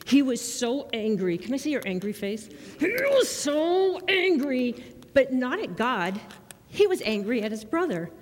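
A woman giving a children's sermon in a church, speaking in a lively, coaxing way and asking the children questions. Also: a little high, long reverb tail. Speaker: children's message leader. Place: church sanctuary.

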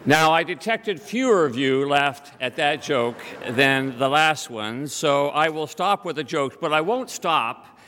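A man's voice: fairly high pitch, animated, a little slow, a bit bright, a little hiss or hum. A male pastor reading scripture, praying, and preaching in a conversational, humorous manner. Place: church. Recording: long church reverb.

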